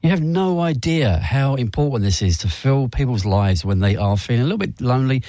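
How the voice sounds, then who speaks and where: A man co-hosting a radio fundraising drive, warm and effusive, thanking listeners by name. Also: mid-range voice, expressive, a little fast, no room sound, studio quality. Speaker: radio co-host. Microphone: studio microphone.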